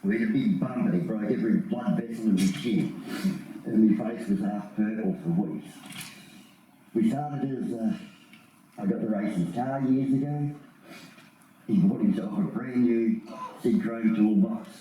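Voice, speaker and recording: A man with an Australian accent giving a plain-spoken, halting eulogy at a funeral. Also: fairly low pitch, warm tone, slight background noise. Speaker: eulogy speaker. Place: function room. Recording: echoey hall from far off.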